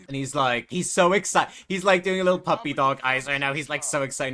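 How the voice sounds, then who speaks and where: A man's voice: fairly high pitch, animated, a little fast, few pauses, sharp tone. Chatty young man gossiping over gameplay. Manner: chatty, gossipy, swears and laughs often. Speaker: gaming streamer. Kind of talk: casual gameplay commentary.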